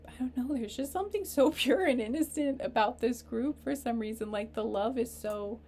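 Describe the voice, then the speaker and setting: A woman giving a casual tarot reading, rambling and halting, earnest and openly emotional. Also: fairly high pitch, a little mellow, slight background noise. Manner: rambling, halting, full of fillers and restarts. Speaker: tarot reader. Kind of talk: casual spiritual reading to camera.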